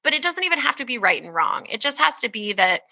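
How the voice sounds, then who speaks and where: A woman in her thirties, a guest author talking in an interview, energetic and expressive and laughing often. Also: sits high, fast. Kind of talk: conversational interview talk.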